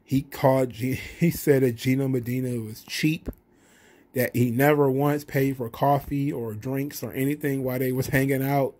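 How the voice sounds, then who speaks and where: Man, casual wrestling recap, profane, rambling, mid pitch. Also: fairly even intonation, moderate pace, darkish tone. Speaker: wrestling review channel host.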